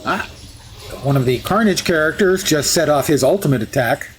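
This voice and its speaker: A man's voice: on the high side, lively intonation, moderate pace. A man streaming live, chatting through gameplay with wry asides and jokes.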